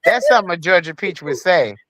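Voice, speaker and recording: A woman's voice: lowish voice, very animated, a little fast, a bit bright, dry recording, rough recording. A woman co-hosting a podcast in casual chat, teasing and playful.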